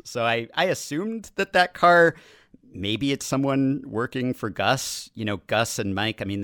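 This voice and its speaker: A man's voice: lowish voice, dry recording, studio quality. A man co-hosting a podcast, talking through a TV episode in casual chat with joking asides. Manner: animated, joking asides with laughs. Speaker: podcast co-host.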